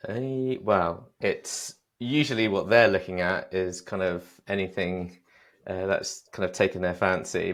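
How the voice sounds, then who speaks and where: A man chats on a relaxed podcast. His voice is very deep with a gravelly fry, and he talks in an easygoing way, padding his points with fillers. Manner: easygoing, trailing filler words. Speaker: podcast co-host, agency co-founder. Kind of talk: casual podcast chat.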